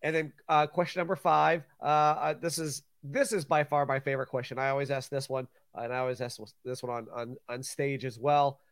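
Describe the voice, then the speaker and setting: A man's voice: medium pitch, level tone, a little fast, few pauses, smooth, dry recording, studio quality. A man hosting a podcast interview, asking questions in a hesitant way with many "uh"s and repeated words. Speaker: podcast host. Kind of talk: casual interview chat.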